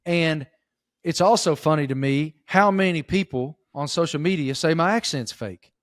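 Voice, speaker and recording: Folksy Southern Appalachian man, higher voice. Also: moderate pace, no echo, studio quality. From Giles County, Virginia. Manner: emphatic, folksy, calls host "bro" and "dude". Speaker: sports reporter, guest. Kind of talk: casual interview chat.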